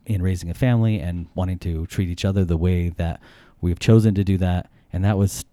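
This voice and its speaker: Joking, animated male storyteller. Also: deep voice, a little fast, no echo, studio quality. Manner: animated, jokey, acts out quotes. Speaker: podcast guest. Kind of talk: casual storytelling.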